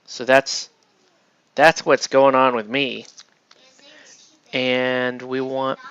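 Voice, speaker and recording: Gravelly, chatty man on a dull recording. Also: medium pitch, little pitch movement, extremely slow, fairly bright tone, no room sound. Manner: chatty, rambling, keeps asking "right?". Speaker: miniature painting host. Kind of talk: casual painting tutorial. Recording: dull lo-fi dry sound.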